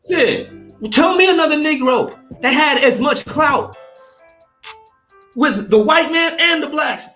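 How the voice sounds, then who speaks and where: A man preaches in a heated, combative rant, cursing freely and mocking his opponents. His pitch leaps around with lively swings as he presses his points. The voice rings in an echoey room while faint music plays behind. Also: a little slow, pauses often.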